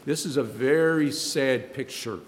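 A man preaching a sermon, halting and repeating words, his voice climbing when he stresses a point. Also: medium pitch. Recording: reverberant hall with faint noise.

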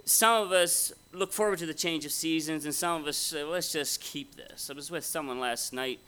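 A man's voice: on the high side, fairly quick, bright, forceful tone, smooth. A man preaching a conversational, folksy sermon at a Bible conference, often asking his audience questions. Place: conference hall before an audience.

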